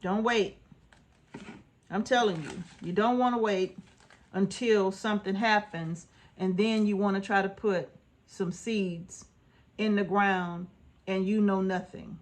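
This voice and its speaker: A woman's voice: mid-range voice, fairly even intonation, slow. A woman homestead vlogger giving casual, earnest advice to her viewers, repeating her points and checking in with "right?". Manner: informal, folksy speech.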